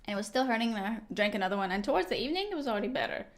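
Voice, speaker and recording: A woman's voice: mid-range voice, lively intonation, very fast. A young woman live-streaming a game, chatting casually and teasing her viewers as she answers them. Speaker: livestreamer.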